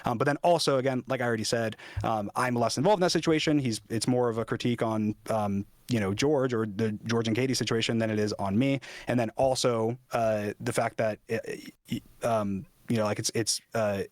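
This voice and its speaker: A man's voice: mid-range voice, brisk, no room sound, studio quality. A young man talking in a casual debate on stream, hesitant, restarting his sentences and using many fillers.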